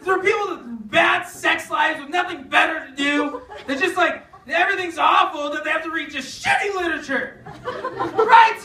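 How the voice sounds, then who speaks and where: A man's voice: extremely high pitch, moderate pace. Young male stand-up laughing at his own jokes. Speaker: stand-up comedian. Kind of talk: stand-up set. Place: comedy club stage before a live audience. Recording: echoey room from far off, loud crowd and noise. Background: audience laughter and room noise.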